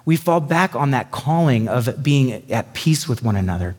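A man's voice: normal speed, slightly rough. Man preaching in a reverberant church. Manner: animated, acts out quotes with sudden high bursts. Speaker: pastor. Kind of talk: sermon. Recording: long hall reverb.

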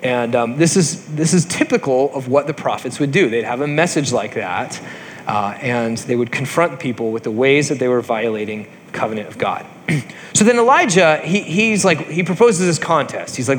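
A man teaching a Bible study, reading passages aloud and then retelling them in a casual way, often saying "um" and "like" and clearing his throat. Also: mid-range voice, animated, moderate pace. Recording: long reverb, faint background noise.

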